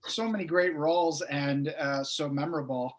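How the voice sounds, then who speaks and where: A man's voice: a little high, steady tone, moderate pace. Male rabbi host, casual introductions with many fillers, video call audio. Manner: loose, filler-heavy introductions. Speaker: rabbi hosting the event. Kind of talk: hosting an online congregation event.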